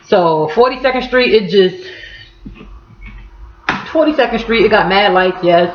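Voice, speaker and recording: A woman's voice: mid-range voice, unhurried, pauses often, a little hiss or hum. Harlem woman explaining slang, mad blunt and cussing, echoey room, kinda muffled audio. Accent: Harlem, New York. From Harlem, New York City. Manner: blunt, profane, playful street talk. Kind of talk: casual slang explainer vlog.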